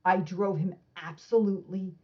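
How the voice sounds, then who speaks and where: A woman's voice: fairly low pitch, normal speed. Woman guest on a podcast, storytelling, acts out dialogue, kinda dull lo-fi sound. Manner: animated anecdotes, acting out quoted dialogue. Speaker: author and martial artist guest. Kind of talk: casual storytelling interview.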